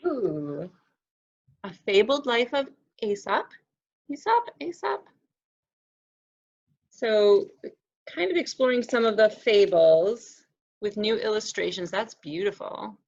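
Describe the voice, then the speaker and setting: A middle-aged woman, a librarian, chatting casually while unboxing books, friendly and quick to laugh. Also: medium pitch, animated, a little mellow. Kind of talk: casual book unboxing chat. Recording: muffled lo-fi sound.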